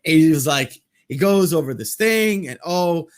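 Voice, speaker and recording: A man co-hosting a casual movie podcast, animated, swearing freely and laughing often. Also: fairly high pitch, moderate pace. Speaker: podcast co-host.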